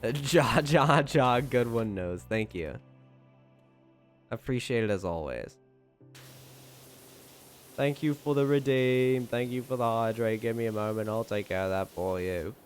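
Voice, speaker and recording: A man's voice: mid-range voice, a little slow, pauses often, faint music behind. Young man chatting on a live stream. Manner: reads viewer messages aloud and thanks them; playful, joking, laughs often. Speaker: livestreamer. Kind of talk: casual live-stream chat.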